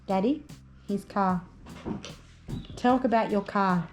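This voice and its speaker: A woman's voice: medium pitch, slow, a little mellow, poor audio. A young woman and mother filming a casual family vlog in a park, coaxing her toddler in a sing-song voice. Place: outdoors in a park. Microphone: handheld phone camera. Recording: background music over the voice.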